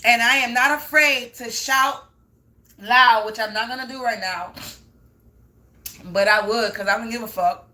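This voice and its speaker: A woman's voice: a little high, a little slow, pauses often, bright, forceful tone. A woman spiritual reader talking to camera in an unscripted, profane rant, stressing points by repeating them. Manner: profane, emphatic, repeats herself. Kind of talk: unscripted ranting monologue.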